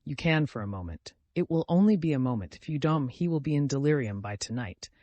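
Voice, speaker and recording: A man's voice: medium pitch, animated, a little fast, darkish tone, no echo, highs cut off, lightly acted. Guy reading an earnest young man, firm and urging, hitting the key words hard, dry mic. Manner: emphatic, urging. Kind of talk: audiobook character reading.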